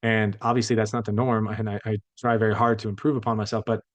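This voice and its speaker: A man's voice: lowish voice, little pitch movement, quick pace, no room sound. A man lecturing to a class as a professor, conversational and reflective, often correcting himself mid-thought.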